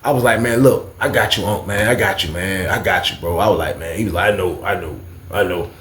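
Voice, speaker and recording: A man's voice: lowish voice, quick pace, fairly bright tone, reverberant, slight background noise. A man casually retelling a prison story in slangy speech, acting out the other people's voices as he goes.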